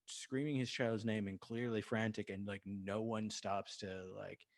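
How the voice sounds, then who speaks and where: A man's voice: fairly low pitch, level tone, measured pace, dry recording. A man co-hosting a podcast, casually recapping a film with lots of fillers and laughter. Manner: rambling, laughs, acts out quoted lines. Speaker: podcast co-host. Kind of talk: casual movie recap chat.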